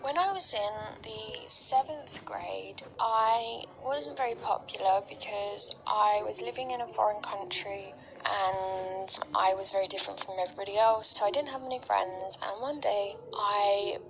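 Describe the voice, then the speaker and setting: A woman with an English accent telling a story in a chatty way, often slipping into soft whispers. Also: medium pitch, a little slow, vocal fry, few pauses, a little hiss or hum, low-quality recording. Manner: chatty, heavy use of "like", drops into soft whispers.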